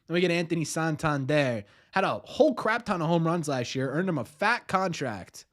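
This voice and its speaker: Young male streamer, animated and a touch high, casual play-by-play with a put-on announcer flair. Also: moderate pace, hardly any pauses. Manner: mock announcer voice mixed with chatty asides to chat. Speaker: watch party streamer doing play-by-play. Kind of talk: casual livestream commentary.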